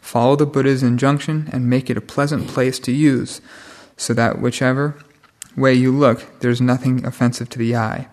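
Stern monk giving a scolding Dhamma talk. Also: male voice, medium pitch, level tone, normal speed, darkish tone. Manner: stern, scolding, plain-spoken. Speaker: senior monk teaching monks.

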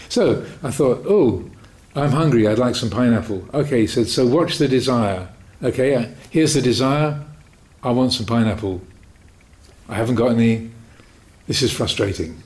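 A man shares a personal anecdote in the manner of a Dhamma talk, as a Buddhist teacher would. His voice sits at an ordinary middle pitch. He talks in a relaxed, self-deprecating way and chuckles now and then.

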